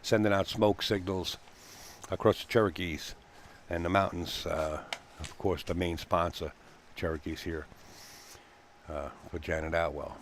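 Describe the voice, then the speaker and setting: A man with a low, deep voice calls a live pool match in a relaxed, folksy way. He rambles between shots and fills the gaps with uhs. A faint hum sits under his voice. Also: measured pace, long pauses. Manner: chatty, folksy, laughs easily, frequent fillers. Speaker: pool commentator. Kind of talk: live sports commentary. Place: pool hall commentary booth.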